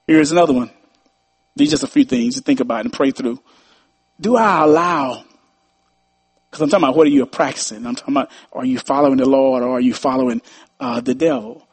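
A man delivers a sermon with a slightly husky, somewhat high voice. He preaches in an animated way, repeating his phrases for emphasis and slipping into quoted voices as he makes his points. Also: a little fast.

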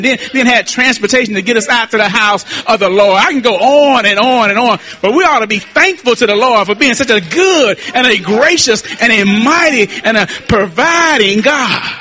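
A male pastor preaching a sermon, repeating phrases and rising to shouts at the peaks. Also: high-pitched. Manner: repetitive call-and-response preaching, shouting at peaks.

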